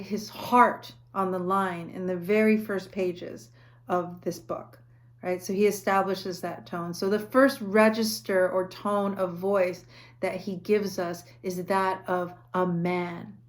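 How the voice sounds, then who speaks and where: A woman lecturing on a book in a conversational way, often checking in with "right?" and reading passages aloud. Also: medium pitch. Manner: reads quoted passages aloud. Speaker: university lecturer. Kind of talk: recorded lecture.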